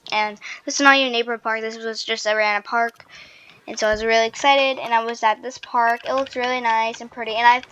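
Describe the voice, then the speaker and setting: A woman's voice: fairly high pitch, fairly even intonation, a little fast, a bit bright, clear, resonant tone. A woman hosting a gaming channel, telling a childhood story in a rambling, chatty way with lots of "like" and restarts while she plays. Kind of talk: casual storytelling while playing a game.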